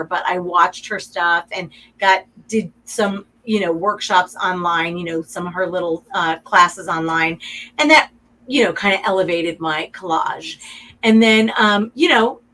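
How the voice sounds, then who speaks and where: A woman's voice: medium pitch, measured pace, pushed and bright, slight background noise, low-quality recording. A middle-aged woman, a guest artist in a radio interview, talking in a chatty, effusive way and getting emotional.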